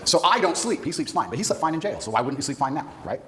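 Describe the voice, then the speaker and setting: A man as a podcast guest, telling a story in an animated way, laughing as he goes. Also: fairly high pitch, very fast, a little hiss or hum. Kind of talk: storytelling in an interview.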